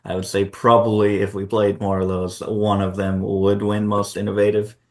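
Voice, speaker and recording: A man's voice: fairly low pitch, flat delivery, moderate pace. A man co-hosting a board game channel, chatting casually about award nominees and thinking aloud with fillers.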